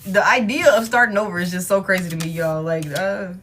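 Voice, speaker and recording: A woman's voice: mid-range voice, fairly quick, fairly bright tone, a little hiss or hum. A woman in her thirties hosting a live tarot stream. She talks casually and profanely, speaks straight to her viewers and laughs often.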